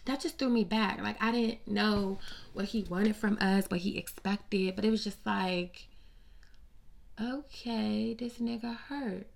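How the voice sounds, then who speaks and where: A woman with a gravelly, fry-tinged voice runs through celebrity gossip in a casual, unscripted way. Her delivery is blunt, profane and sassy, with an animated bounce. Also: mid-range voice, slow pace. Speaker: host.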